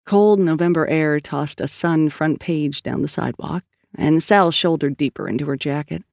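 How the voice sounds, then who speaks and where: A man narrates a story in a steady, scripted reading voice. His tone sits a little high and carries a gravelly grain. He is recorded close on a studio mic in a dry, dead room. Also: normal speed, dry recording. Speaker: audiobook narrator.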